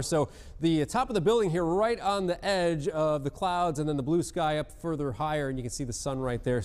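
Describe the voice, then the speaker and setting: A man presenting a morning TV weather forecast, chatty and quick to laugh, then chatting about football picks. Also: a little high, darkish tone. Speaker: TV meteorologist. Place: TV news studio.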